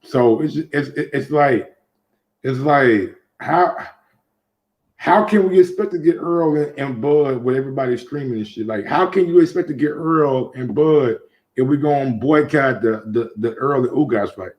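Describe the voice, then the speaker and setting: A man's voice: mid-range voice, moderate pace, darkish tone. A man hosting a casual boxing talk show, talking loosely with many restarts and profanity. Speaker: show host.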